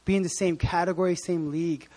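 A man's voice: sits high, fairly even intonation, fast talker, a little mellow. A man voicing the apostle Peter as an earnest, humble older man in a sermon retelling.

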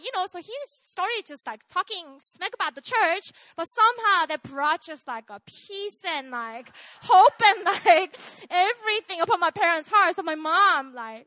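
A young woman, telling a personal testimony in an animated way, laughing often and checking in with "right?". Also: extremely high pitch, unhurried, hardly any pauses, no echo. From South Korea. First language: Korean. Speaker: speaker sharing a testimony.

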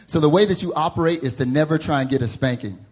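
This young Southern preacher, speaking with a Southern US accent, has a fairly high, breathy voice and moves at a quick clip. Laughing as he goes, he addresses a church congregation, animating his stories by performing each character's voice.

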